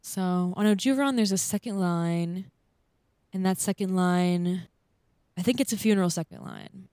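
A woman's voice: on the low side, moderate pace, warm tone, smooth, no room sound, studio quality. A young woman co-hosting a podcast, chatty and upbeat, often laughing and explaining things at length. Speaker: podcast co-host. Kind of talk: casual chat.

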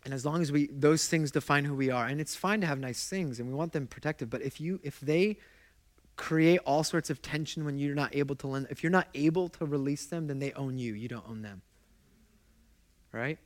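A man's voice: fairly high pitch, normal speed. A man preaching a sermon as pastor, telling stories with passion and asking the congregation questions. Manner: conversational, engages the congregation with questions; impassioned storytelling.

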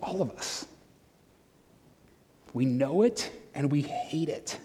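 A middle-aged man preaches in a loose, conversational way, full of fillers and quick restarts. His voice sits high for a man. The sound rings with the long reverb of a large church hall. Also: lively intonation, dark tone, slightly rough. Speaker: pastor. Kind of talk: sermon.

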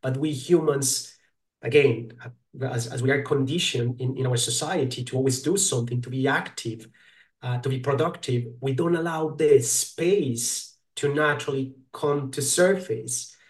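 A man, a guest teacher, explaining his work in an interview in a thoughtful, halting way, searching for his words. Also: mid-range voice. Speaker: guest, somatic alignment teacher. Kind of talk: reflective interview talk. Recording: roomy echo.

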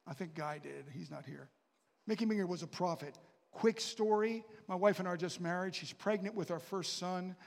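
A man's voice: high-pitched, moderate pace, creaky. Man, pastor, sermon, storytelling, long hall reverb. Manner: storytelling, with asides and questions to the congregation.

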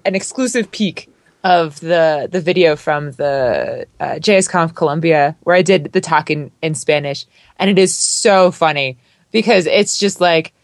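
Woman podcast co-host, casual chat, lively and laughy, dry close sound. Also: on the low side, no room sound. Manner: animated, laughs often, acts out quoted voices.

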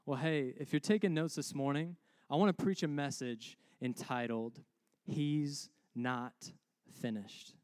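A man's voice: a little high, expressive, normal speed, few pauses, a little mellow, no echo, clean studio sound. A young man preaching a sermon as a pastor, conversational and humorous, calling out to his congregation.

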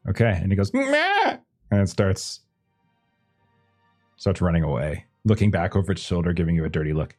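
A man's voice: sits low, brisk, pauses often, mellow, husky, faint music behind. A man running a tabletop game as game master, narrating loosely with many fillers. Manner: hesitant, lots of kinda and uh.

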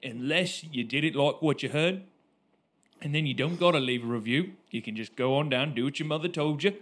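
A man's voice: mid-range voice, fairly quick, fairly bright tone. A man co-hosting a podcast, playfully urging listeners with repeated requests in a casual sign-off. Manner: playful, repetitive exhortations to listeners. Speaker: podcast co-host.

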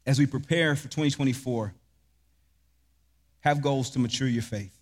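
A man's voice: medium pitch, normal speed, long reverb tail. A man preaching a sermon as pastor, asking rhetorical questions and answering them with emphasis.

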